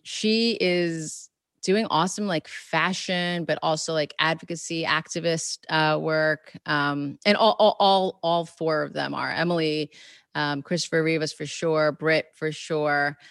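A low-pitched woman with a gravelly edge to her voice, speaking in a relaxed, reflective interview tone. She circles back and restarts her thoughts often, full of "you know" and "like". The sound is close and dry, with no room around it. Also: unhurried, dry recording. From New York. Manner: warm, reflective, many fillers and restarts. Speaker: guest author and educator. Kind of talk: casual interview conversation.

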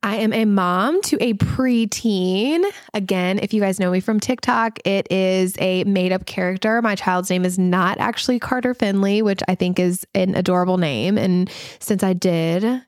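A woman's voice: mid-range voice, moderate pace, no room sound, studio quality. A woman in her thirties with a Southern US accent, hosting a podcast from home in a casual, chatty way, laughing often and sprinkling in ums and likes. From American South. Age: 30s. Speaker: podcast host. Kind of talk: casual chat. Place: home, recording at night. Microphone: podcast microphone.

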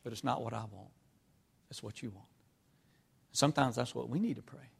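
Male preacher, gravelly voice, emotional sermon delivery, swings quiet to loud, heard in a big reverberant church hall. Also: mid-range voice, moderate pace, pauses often. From North Carolina. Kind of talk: sermon with personal stories.

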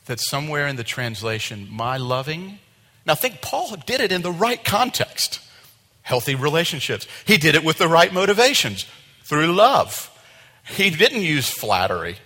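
A man preaching a sermon to his congregation in an animated way, acting out quoted voices. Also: fairly high pitch, normal speed, big-room sound. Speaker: pastor. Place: church sanctuary.

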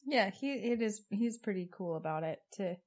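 A woman co-hosts a podcast and retells an episode in a casual, chatty way. Her tone is wry, and her voice sits in a middle pitch. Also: animated, normal speed. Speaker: podcast co-host.

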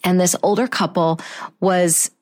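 Earnest storytelling woman, low-voiced. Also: steady tone, unhurried, a little mellow. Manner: earnest, heartfelt, with frequent restarts. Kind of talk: personal anecdote, reflective storytelling.

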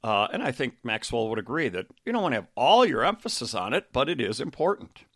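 A man's voice: mid-range voice, big pitch swings, quick pace, fairly bright tone, no room sound, clean studio sound. A middle-aged man, a coach and podcast host, talking casually about a book, rambling with lots of fillers and restarts.

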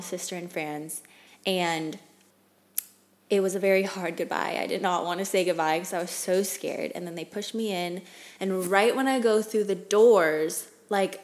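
A young woman vlogging, telling a personal story in a frank, chatty way with many fillers. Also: mid-range voice. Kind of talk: casual storytelling vlog.

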